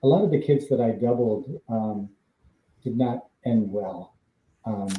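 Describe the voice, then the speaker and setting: Speaking a little slowly in a lowish voice, a man who was once a stunt double tells casual, rambling stories with fillers and laughs between lines on a live stream. The audio is roomy, narrow and tinny, with a bit of hiss or hum.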